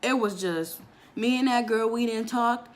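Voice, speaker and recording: A young woman vlogger telling a story from her life in a casual, animated way, with lots of "like" and acted-out voices. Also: on the high side, measured pace. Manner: animated storytelling, fillers with "like", acts out quoted voices.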